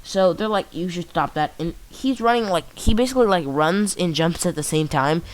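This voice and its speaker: A man casually retelling a fan story, rambling and halting, full of fillers and restarts. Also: sits high, smooth, low-quality recording. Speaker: channel host.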